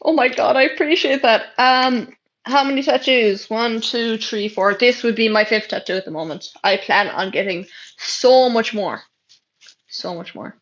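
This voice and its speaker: A young Irish woman speaks at a moderate pace in a fairly high, somewhat bright voice during a casual livestream. Reading out comments, she answers with bluntness, sarcasm and plenty of swearing, over dull lo-fi sound.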